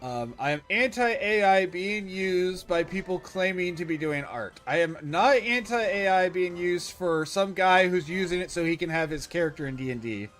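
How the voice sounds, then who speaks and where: A man's voice: high-pitched, animated, normal speed, few pauses, fairly bright tone, faint music behind. A man streaming a game live, chatting casually with viewers, rambling and correcting himself as he goes. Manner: rambling, self-correcting, opinionated. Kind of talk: casual livestream chat.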